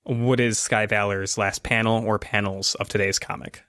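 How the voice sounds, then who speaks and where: A man narrating and running a tabletop role-playing game as game master, in a chatty, relaxed way. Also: lowish voice, normal speed, no echo.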